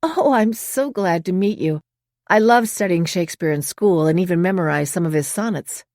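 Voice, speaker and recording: A young, grieving and guarded woman gem expert, as a woman narrator voices her, speaking in an earnest, soft-spoken way. The audiobook recording is dry and close. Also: on the low side, moderate pace, dry recording, natural voice.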